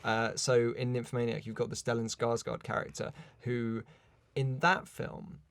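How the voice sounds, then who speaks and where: A man hosting a podcast discussion, talking in a relaxed, thoughtful and slightly hesitant way. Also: medium pitch, normal speed, creaky, no room sound.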